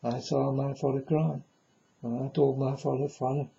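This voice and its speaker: A man's voice: medium pitch, flat delivery, normal speed, gravelly, dark tone, muffled recording. A man speaking as a self-styled prophet in a rambling monologue to his viewers. He is solemn and repetitive and keeps addressing them as folks.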